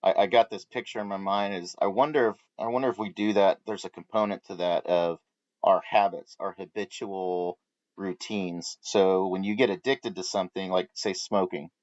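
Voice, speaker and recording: A man's voice: deep voice, fairly even intonation, moderate pace, no room sound, lo-fi sound. A man co-hosting a live Bible study, telling a rambling personal story with lots of restarts in casual chat.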